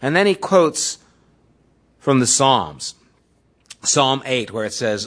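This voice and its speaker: A male pastor delivers a sermon at an unhurried pace. His pitch sits in the middle range, and he retells scripture in relaxed, everyday words, as if chatting with his congregation.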